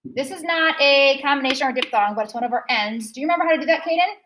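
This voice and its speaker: A high-pitched woman teaches a phonics lesson to young students. She says each word slowly and again and again to stress the right syllable. A faint hiss sits under her voice. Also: a bit bright, rough recording. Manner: slow, repeats words to stress syllables. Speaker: second grade teacher.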